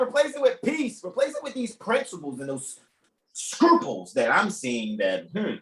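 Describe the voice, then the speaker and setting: Guy riffing live, all over the place pitch-wise, rambling and laughing, roomy echo. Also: moderate pace. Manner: animated, rambling, laughing often. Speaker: host of a live reading. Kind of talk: casual improvised commentary. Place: room in a shop. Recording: echoey room.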